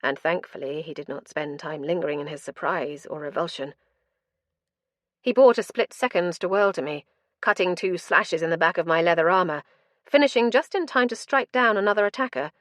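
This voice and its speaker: Low-voiced woman narrating a dark fantasy audiobook. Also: brisk, no room sound, clean studio sound. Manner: dramatic, intense storytelling.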